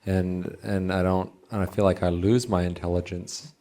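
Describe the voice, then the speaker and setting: Deep-voiced guy from the crowd, stumbling, keeps restarting, asking about his feelings. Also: steady tone, moderate pace, mellow. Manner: hesitant, many restarts and fillers. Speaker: audience member asking a question. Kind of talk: halting question from the floor. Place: meeting hall, in the audience.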